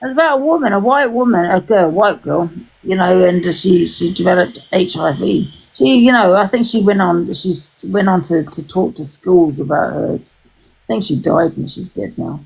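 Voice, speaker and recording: Creaky, husky woman chatting casually. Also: fairly low pitch, moderate pace, a little mellow, rough recording. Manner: rambling, swears freely, frequent restarts. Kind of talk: casual chat.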